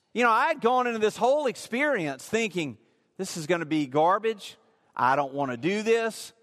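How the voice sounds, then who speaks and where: A man's voice: high voice, fairly bright tone. A man preaching a sermon in a church, telling a personal story in a casual, rambling way with many fillers. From rural area. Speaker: pastor. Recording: long hall reverb.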